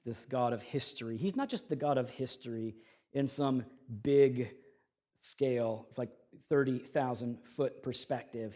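A man preaching a sermon, his voice swelling loud on key phrases and dropping soft between them. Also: mid-range voice. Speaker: pastor.

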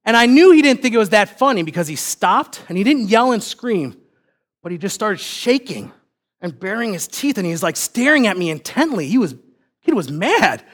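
A young man preaching a sermon, telling a personal family story in a relaxed, self-deprecating way. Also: sits high, normal speed. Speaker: pastor.

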